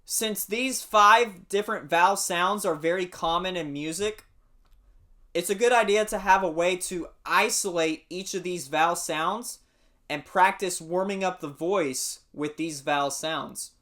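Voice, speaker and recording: A man teaching a singing warm-up lesson, explaining patiently and singing short demonstrations. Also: high-pitched, unhurried. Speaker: music teacher.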